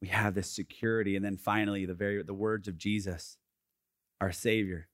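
A man in his thirties preaching as a youth pastor, casual and lively with lots of fillers, going soft and quiet when he reads scripture. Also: on the low side, a little fast, no room sound, clean studio sound. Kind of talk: sermon. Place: youth gathering.

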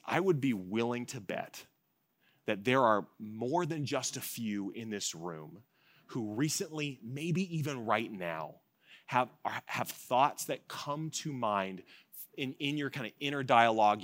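A male pastor preaching a sermon at an evening church service, swinging between loud, emphatic repetition and soft, hushed passages. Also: on the low side, no room sound.

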